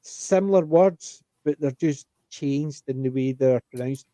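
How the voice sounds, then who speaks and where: A man explaining things in a rambling, animated way during a casual panel chat. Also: mid-range voice, measured pace, dry recording, low-quality recording.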